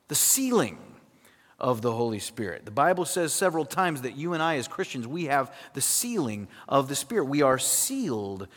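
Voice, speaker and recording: A man preaching a sermon to a congregation, animated, checking in with his listeners as he goes. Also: a little high. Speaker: pastor. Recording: long hall reverb.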